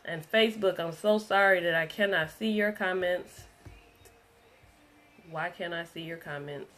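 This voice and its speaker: A woman's voice: lowish voice, a little slow, fairly bright tone. A woman preaching a livestreamed testimony sermon, earnest and emphatic, driving her points home by repeating them.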